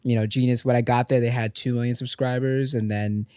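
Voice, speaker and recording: A man's voice: mid-range voice, little pitch movement, brisk, warm tone, clear, resonant tone, no echo. Chatty male journalist, dry studio sound. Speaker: guest journalist. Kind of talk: casual podcast conversation.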